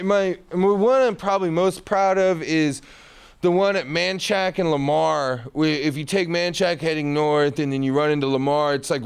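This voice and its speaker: Laid-back man, smooth resonant voice. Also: fairly high pitch. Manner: rambling, laid-back, lots of slang and laughter. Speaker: musician and painter guest. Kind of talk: casual interview storytelling.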